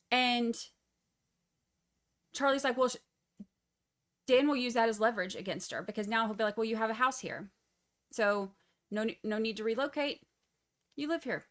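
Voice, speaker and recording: A woman giving casual, animated true crime commentary on a livestream, sarcastic and full of mocking asides. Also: fairly high pitch, moderate pace, pauses often.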